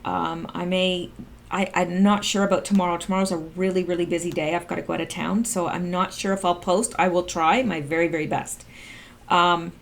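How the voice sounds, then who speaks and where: A woman's voice: on the low side, level tone, fairly quick, gravelly. A middle-aged woman doing casual political commentary, reading documents aloud and reacting with sarcastic exclamations.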